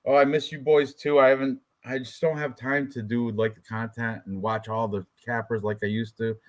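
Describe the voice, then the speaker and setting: A man's voice: mid-range voice, level tone, moderate pace. A man co-hosting a fight prediction live stream, joking with his co-host and greeting viewers in the chat.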